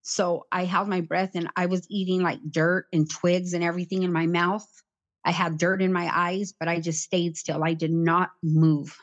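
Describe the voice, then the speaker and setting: A middle-aged woman recounting a personal ordeal in an interview, talking plainly and haltingly and repeating herself. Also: lowish voice, little pitch movement. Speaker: interview guest, survivor. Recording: slightly muffled recording.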